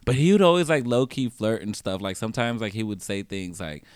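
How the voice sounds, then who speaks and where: A man with a low, smooth, resonant voice tells stories in a loose, rambling way, thick with fillers. He talks as a podcast guest and go-go dancer. The sound is dry and close. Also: brisk, dry recording. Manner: rambling, laughing, full of fillers. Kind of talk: casual storytelling.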